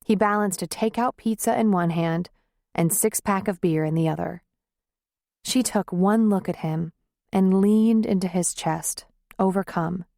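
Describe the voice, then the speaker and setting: A woman reading a romance novel aloud in a measured, even storytelling manner. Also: medium pitch, vocal fry, dry recording, clean studio sound. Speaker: audiobook narrator. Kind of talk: scripted narration.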